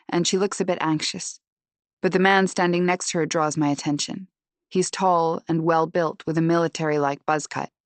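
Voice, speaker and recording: Low-voiced woman reading a tense thriller. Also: no room sound. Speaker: audiobook narrator. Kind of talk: first-person thriller audiobook narration.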